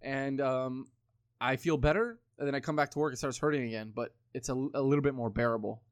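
A man's voice: medium pitch, steady tone, fairly quick, smooth, no room sound. A man in his twenties talking casually, rambling with lots of swearing and filler words. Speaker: podcast co-host. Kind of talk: casual chat.

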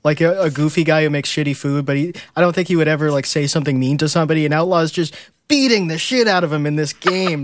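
A man's voice: fairly high pitch, fast, no room sound. A man co-hosting a podcast, rambling with many fillers in casual chat. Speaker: podcast co-host.

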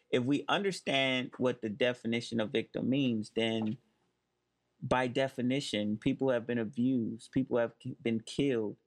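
A man hosting a spoken commentary, talking emphatically and stressing key words. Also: medium pitch. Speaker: host. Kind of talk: monologue commentary.

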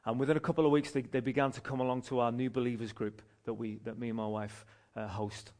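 A man, a street pastor telling a story from the pulpit in an animated way, often restarting his phrases. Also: medium pitch, quick pace. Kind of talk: sermon testimony storytelling.

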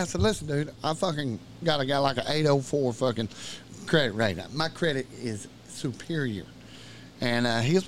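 A middle-aged man telling profane, animated stories on a podcast with plenty of laughing. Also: medium pitch, a little fast, slight background noise. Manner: animated, swearing, laughing storyteller. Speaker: podcast guest. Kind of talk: profane storytelling chat.

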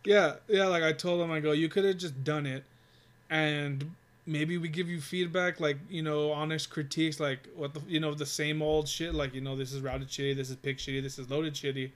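A man's voice: on the high side, little pitch movement, normal speed. A young man telling a rambling, profanity-filled work story in casual chat, with lots of fillers.

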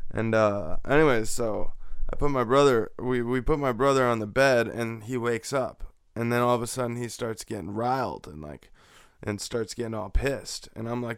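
A man's voice: fairly low pitch, creaky, no echo, clean studio sound. A young man casually telling a rambling, profane anecdote, laughing now and then. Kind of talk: casual storytelling.

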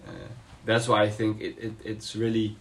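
A man with a fairly low voice explains his ideas slowly in a casual podcast debate. He pauses often, reaches for words, and restarts his sentences as he thinks aloud. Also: completely flat delivery. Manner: thoughtful, hesitant, many fillers and restarts. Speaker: podcast co-host.

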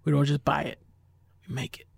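A man's voice: on the high side, little pitch movement, a little fast, vocal fry, husky, no room sound. A man telling a casual story in a rambling, exasperated way, full of fillers and the odd swear word.

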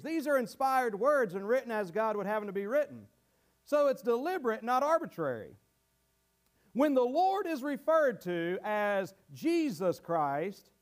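A man with an extremely high-pitched voice preaches a sermon to his congregation. He's earnest, teaching verse by verse and often repeating words as he goes.

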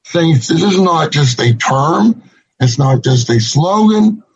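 A man preaching a sermon to his congregation, slow and deliberate, repeating key phrases for emphasis. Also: fairly high pitch, lively intonation, slight background noise. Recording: dull lo-fi recording.

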